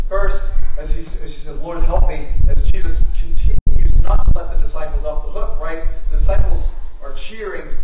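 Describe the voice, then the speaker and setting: Male pastor, conversational sermon, acts out quoted voices, fairly high voice, distant mic, echoey church hall, background noise.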